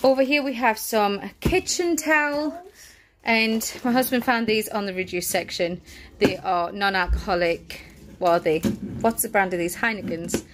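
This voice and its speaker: In this casual grocery haul chat, a pregnant young woman who vlogs about her family talks breathlessly through what she bought, chatty, correcting herself and quick to laugh. She speaks at medium pitch and normal speed, with a little hiss or hum.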